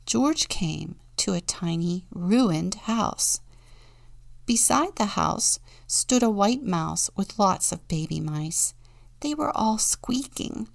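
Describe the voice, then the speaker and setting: A woman deacon reading a children's Bible story and a picture book aloud, in a gentle storytelling manner with soft whispered moments. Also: on the low side, animated, slow, gravelly, dry recording, clean studio sound.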